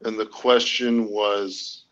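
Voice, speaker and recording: A man being interviewed as a guest reseller on a casual live stream, talking in a rambling, halting way and often correcting himself. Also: lowish voice, level tone, fairly bright tone, lo-fi sound.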